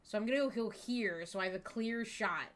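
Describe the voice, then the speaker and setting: A woman's voice: mid-range voice, moderate pace. A woman playing a tabletop game, describing her character's moves in a thoughtful, hesitant way. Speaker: player.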